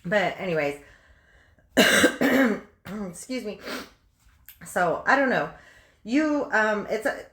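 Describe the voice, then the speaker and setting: A woman's voice: mid-range voice, animated, slow, pauses often, fairly bright tone. Chatty woman reading tarot, roomy echo. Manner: chatty, fires off rhetorical questions, bluntly calls listener honey. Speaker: tarot reader. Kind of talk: casual tarot reading to camera. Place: at home at her table.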